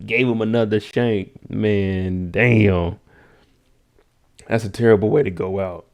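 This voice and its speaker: A man's voice: steady tone, takes it slowly, creaky, a little mellow. A man casually recapping a TV episode on a live stream, using slang, answering chat by name and acting out scenes. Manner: laid-back slang, reads chat names, acts out scenes in high voices.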